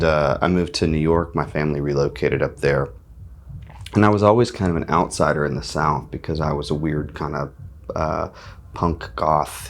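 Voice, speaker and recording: Backstage at a festival, a musician from North Carolina gives an interview in a reflective, articulate way, pausing often and using plenty of fillers. His voice is very deep.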